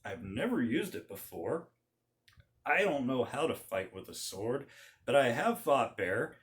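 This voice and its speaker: A man's voice: medium pitch, a bit bright. A man voicing a young shepherd boy who speaks earnestly and without fear. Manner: earnest, determined.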